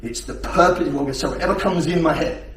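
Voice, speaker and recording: A blunt man teaching a class, swearing freely and checking in with rhetorical questions. His voice sits a little high for a man. He is picked up from a distance in an echoey hall, with faint room noise behind him. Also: brisk. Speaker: self-defence instructor.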